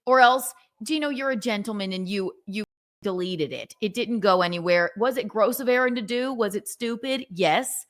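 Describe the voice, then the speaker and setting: A woman's voice: medium pitch, normal speed. Female livestream co-host, chatty, sarcastic asides, restarts her phrases. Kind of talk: casual chat.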